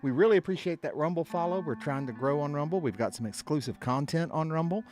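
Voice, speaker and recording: A man's voice: on the high side, fast, darkish tone, soft background music. A man hosting his band's live stream in casual chat, rambling with many fillers and frequent laughs. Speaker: band member and stream host.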